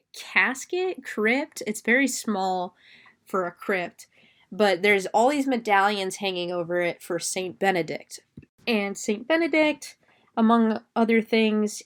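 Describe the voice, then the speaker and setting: A woman hosting a podcast, recapping a movie in a casual, rambling way and swearing freely. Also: medium pitch. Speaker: podcast host.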